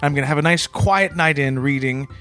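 A man co-hosting a comedy podcast in earnest, mild banter with a quick chuckle. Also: on the high side, sharp tone, soft background music. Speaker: podcast co-host.

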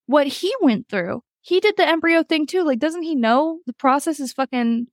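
Higher-voiced woman host, animated and foul-mouthed, recorded close and dry. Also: normal speed, dry recording. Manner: animated, swears freely, acts out quotes. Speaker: podcast host. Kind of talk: casual recap chat.

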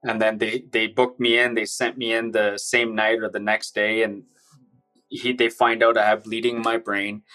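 Guy with a bright forceful voice telling his story, runs it all together, soft music behind. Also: lowish voice, level tone, moderate pace. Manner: intense, run-on storytelling. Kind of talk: personal account, casual storytelling.

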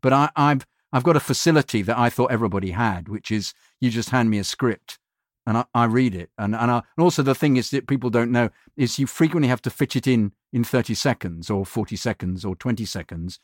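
A man, a voiceover actor, telling animated anecdotes in a casual interview. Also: mid-range voice, a little fast, no room sound, clean studio sound. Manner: animated storyteller, mimics other voices in quotes. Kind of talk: anecdotal chat.

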